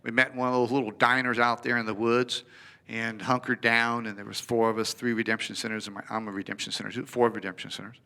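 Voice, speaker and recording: A man giving a presentation, an animated storyteller who acts out the dialogue. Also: medium pitch, fast talker, vocal fry.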